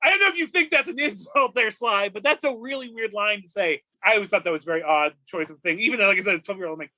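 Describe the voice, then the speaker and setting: A man in his forties from California, co-hosting a movie podcast, rambling excitedly and laughing often. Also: high voice, quick pace, hardly any pauses. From Redlands, California. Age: 40s. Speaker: podcast co-host. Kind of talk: casual movie podcast chat.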